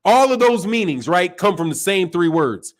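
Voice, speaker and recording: A man hosting a boxing channel, giving animated, profane opinion commentary and acting out quoted voices. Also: high voice, normal speed, low-quality recording. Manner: animated, acts out quoted voices, curses freely.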